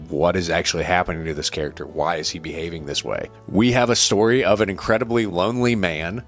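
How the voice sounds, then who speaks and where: A man casually recapping and reviewing a movie in an animated way, laughing now and then and repeating words. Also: low-pitched.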